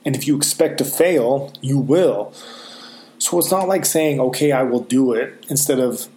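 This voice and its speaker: A man giving a motivational self-help talk, earnest and emphatic, slowing down on key phrases. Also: mid-range voice, darkish tone. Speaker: motivational speaker.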